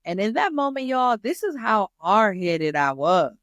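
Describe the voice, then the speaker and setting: A woman tells her own story in a candid, animated way, often turning to her listeners as "y'all". Her voice sits at a middle pitch. The recording is dry and close, with no room sound. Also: a little slow, dry recording, highs cut off. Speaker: host. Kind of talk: personal testimony.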